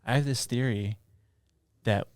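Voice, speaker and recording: A man co-hosting a casual podcast, with a smooth, resonant voice and a playful, rambling way of talking. He sounds close and dry on a studio mic. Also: mid-range voice, a little slow, no room sound. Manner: playful, jumps between jokes and musings. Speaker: podcast co-host. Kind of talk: casual chat.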